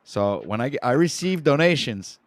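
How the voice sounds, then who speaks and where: A Canadian man with a French Canadian accent hosts a laid-back livestream talk show, stumbling, mocking himself, and often restarting words. His medium-pitched voice is animated at a moderate pace, and the recording is dry.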